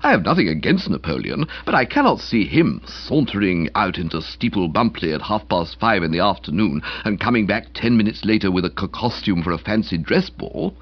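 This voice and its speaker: A man reading aloud, voicing an excitable upper-class young man who speaks eagerly and emphatically. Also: lowish voice, fairly quick, hardly any pauses, husky, exaggerated voice. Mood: dismissive. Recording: slightly dull lo-fi recording.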